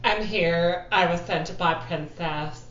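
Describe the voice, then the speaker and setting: A woman playing in a tabletop game, who talks slowly and laughs easily. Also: on the low side, fairly bright tone. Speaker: player. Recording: echoey muffled room with faint ambience.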